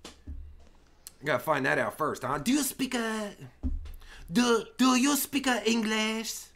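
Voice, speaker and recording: Foul-mouthed guy streaming, gravelly voice, swoops up and down a lot, rambling and mocking. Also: high voice, lively intonation, slow, a bit bright. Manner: crude, profane, rambling and mocking. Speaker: livestream host. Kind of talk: livestream chat commentary.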